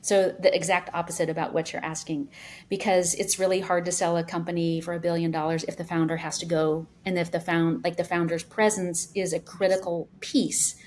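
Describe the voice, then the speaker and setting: A woman in her fifties, a founder talking as a podcast guest, telling stories in a lively way with many fillers. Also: lowish voice, fairly quick, a little hiss or hum. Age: 50s. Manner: animated storyteller, many fillers. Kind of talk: casual interview talk.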